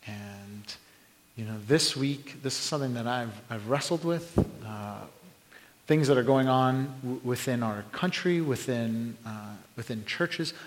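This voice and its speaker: A man preaching a sermon, telling a story with lots of restarts and shouted sound effects. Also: mid-range voice, unhurried. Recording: long hall reverb.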